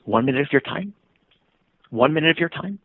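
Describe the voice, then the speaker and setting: A pushy young boy who won't stop repeating himself, as a man puts him on. The voice sits a little higher and comes with a gravelly, husky edge. It sounds thin and tinny, as if heard over a phone line. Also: lively intonation, a little fast, no room sound. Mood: insistent. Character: insistent young boy pestering a traveler.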